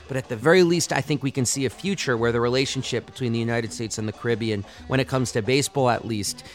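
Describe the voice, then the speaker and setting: A male sports podcast host making his case with passion and a bit of an argumentative edge. His voice sits at an ordinary middle pitch. Faint music plays behind him. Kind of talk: opinionated podcast commentary.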